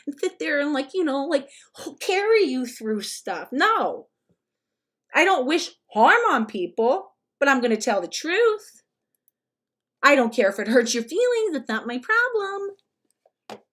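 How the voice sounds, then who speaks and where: A woman with a notably high-pitched voice delivers reaction commentary as a rant. She is blunt and emphatic and swears freely. She now and then mocks others in short put-on quotes. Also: very animated, moderate pace, fairly bright tone. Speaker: commentary vlogger.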